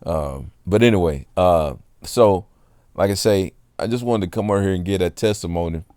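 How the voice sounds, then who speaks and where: Low-pitched guy rambling through a faith testimony, earnest, keeps checking you're following, dry close sound. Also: moderate pace, a little mellow, no room sound. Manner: earnest, rambling, keeps asking "you know what I'm saying". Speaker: Christian testimony speaker; water delivery driver. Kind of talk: casual spoken testimony.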